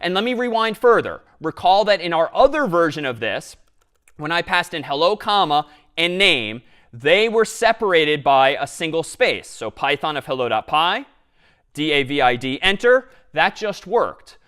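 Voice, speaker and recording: Male lecturer, fairly high voice, walks through live code step by step with lively energy. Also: normal speed, clear, resonant tone. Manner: explains step by step, lively and engaged. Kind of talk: university lecture with live coding.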